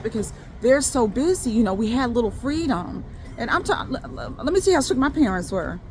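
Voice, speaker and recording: A woman's voice: a little high, lively intonation, normal speed, a little hiss or hum. A woman telling a personal faith testimony straight to her viewers in casual talk, rambling, restarting and repeating words as she goes. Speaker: faith video creator.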